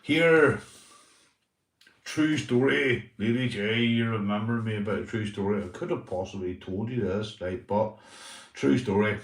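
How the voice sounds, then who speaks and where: A Northern Irish livestream host tells casual stories, swearing often and tacking "right?" onto almost every line, along with plenty of "mate." His voice is fairly low and a little slow, in a rough recording from a distant mic in an echoey room.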